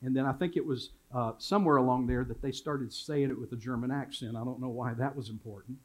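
A man's voice: mid-range voice, fairly quick, a little mellow. An older man preaching a sermon in a church, telling family stories and repeating key phrases for emphasis. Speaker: pastor. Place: church sanctuary.

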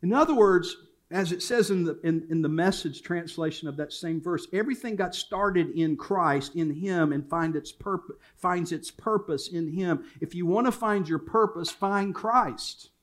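A man's voice: sits high, normal speed. Older male pastor preaching with repetition. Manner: storytelling, repeats phrases for emphasis. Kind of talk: sermon. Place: church sanctuary.

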